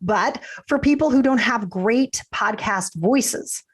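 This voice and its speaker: Woman podcast guest, business coach, chatty and animated, has a cold. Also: a little high, takes it slowly, slightly rough. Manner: chatty, animated, acts out quotes. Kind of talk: casual interview chat.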